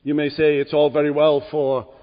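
A man preaching a sermon in a church, speaking slowly and deliberately and building to emphatic high points. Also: completely flat delivery. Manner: slow, deliberate preaching that swells to emphatic peaks. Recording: dull church recording with long reverb.

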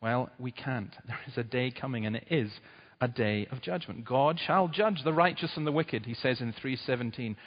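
A man's voice: medium pitch, normal speed. Emphatic male preacher in a reverberant hall. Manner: emphatic, urgent preaching with sudden loud rises. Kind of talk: sermon. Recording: dull sound with long hall reverb.

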